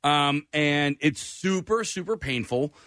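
A man's voice: on the high side, animated, slow, fairly bright tone, no room sound. A man co-hosting a morning radio show, chatting casually with dry humor. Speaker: radio co-host.

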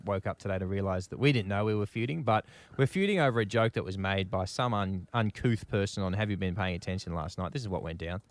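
A man's voice: sits low, quick pace, hardly any pauses, dry recording. A man hosting a breakfast radio show, teasing his guests and steering the segment. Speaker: radio host.

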